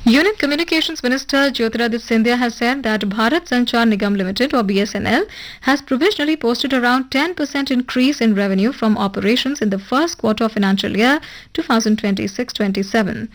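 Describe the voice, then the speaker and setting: A woman reading a formal radio news bulletin in a measured, even broadcast delivery. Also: fairly high pitch, rough recording. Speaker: newsreader. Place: radio studio.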